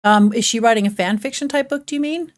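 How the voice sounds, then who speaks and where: A woman's voice: fairly high pitch, quick pace. A woman live-streaming a game, chatting casually and rambling between game actions while she greets her chat.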